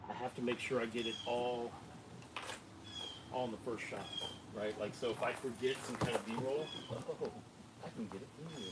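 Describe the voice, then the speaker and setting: A man rambles good-naturedly while filming an e-bike review outside. His voice sits at a middle pitch, picked up from a little way off over steady outdoor noise. He often restarts sentences and jokes with his helper. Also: normal speed, far from the mic. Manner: joking, rambling, restarts lines.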